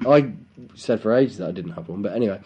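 A man's voice: lowish voice, lively intonation, fast, over music. A young man co-hosting a podcast, chatting casually in a rambling way, laughing often and swearing. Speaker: podcast co-host. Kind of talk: casual chat.

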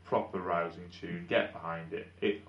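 A man's voice: low-pitched, fairly even intonation, normal speed, dull audio. A man hosting a podcast, chatting casually with dry joking asides. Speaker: podcast host. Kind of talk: casual chat.

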